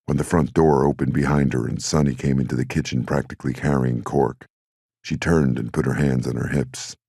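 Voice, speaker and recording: A man narrating an audiobook in a steady, measured way. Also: rumbling low, vocal fry, husky, dry recording, studio quality. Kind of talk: scripted narration.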